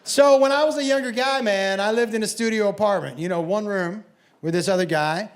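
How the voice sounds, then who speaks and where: A man doing a stand-up comedy set on a club stage, telling stories loudly and profanely, with bursts of shouting. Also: sits high, fairly quick. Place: comedy club stage before a laughing audience. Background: audience laughter and room ambience.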